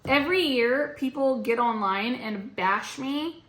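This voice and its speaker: A woman's voice: fairly high pitch, lively intonation, a little slow, a bit bright. A young woman vlogging, venting casually and frankly, rambling with lots of "like". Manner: rambling, frank, heavy use of "like". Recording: roomy echo.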